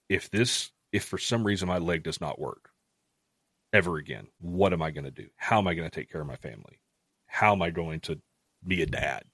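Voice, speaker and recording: A man's voice: sits low, fairly bright tone, dry recording. A middle-aged man, a podcast guest, telling an earnest personal story in casual talk, with frequent restarts. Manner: earnest, heartfelt, restarts often.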